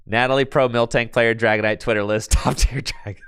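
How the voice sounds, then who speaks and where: A man streaming a card game on his computer, chatting casually and excitably with his viewers in slang, with bursts of laughter. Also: mid-range voice, moderate pace, clear, resonant tone, no echo, studio quality. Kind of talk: casual live-stream chat while playing a card game.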